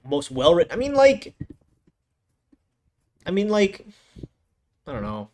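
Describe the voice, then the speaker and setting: A man's voice: high voice, huge pitch swings, takes it slowly, darkish tone. A young man reviewing anime in a casual, profane rant full of restarts and exasperated outbursts. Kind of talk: casual ranking commentary. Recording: noisy home recording.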